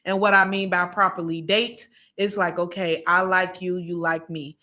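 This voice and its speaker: A woman's voice: lowish voice, flat delivery, moderate pace, sharp tone. A woman co-hosting a casual podcast chat, rambling with many restarts. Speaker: podcast host.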